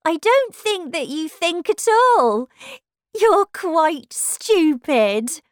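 A rude, snooty talking rose, as a woman reading a storybook puts her on. She drawls her words loudly with a sneer, in a high voice that leaps around. It is recorded close and dry. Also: sing-song, clean tone, no room sound, exaggerated voice. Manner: loud, drawn-out, sneering delivery.

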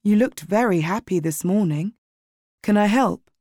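A kind, patient male school librarian from a storybook, as a woman reader puts him on. He speaks softly and slowly, a touch lower than the narration. The sound is close and dry. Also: no room sound, close to an everyday voice. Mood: gentle.

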